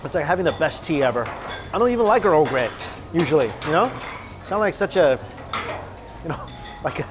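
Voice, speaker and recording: A man with a slightly raised voice reviews dishes for his food vlog, eager and chatty, pausing to savor each bite. Music plays clearly under his voice outside. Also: a little high, sing-song. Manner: enthusiastic, chatty, savoring food between lines. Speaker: food vlogger host.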